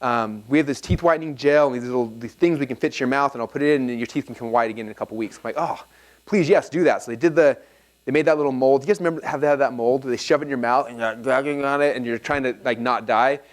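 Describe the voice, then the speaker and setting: Speaking fast in a mid-range voice, this man in his thirties entertains a live seminar audience in an event hall. It's a storytelling business talk, delivered animatedly, with him playing out the dialogue himself.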